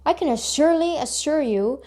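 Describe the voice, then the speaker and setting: A woman's voice: sits high, expressive, moderate pace, dark tone, voice pushed up. A woman voicing a pompous, overly formal male restaurant manager in a children's storybook.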